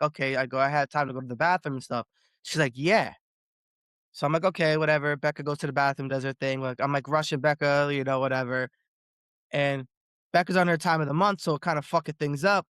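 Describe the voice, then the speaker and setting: Man, podcast host, slightly high voice, excitable storytelling, dry close sound. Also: fast talker, clear, resonant tone, dry recording. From Boston area. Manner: animated storytelling, swears freely, repeats words. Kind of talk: casual podcast chat.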